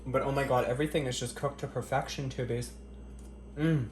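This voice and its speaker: A man's voice: mid-range voice, fairly even intonation, brisk, slight background noise. Profane man tasting food in an echoey kitchen. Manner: crude, profane, joking straight to camera; tasting food between lines with appreciative murmurs. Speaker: cooking vlogger. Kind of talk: casual kitchen vlog. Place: home kitchen.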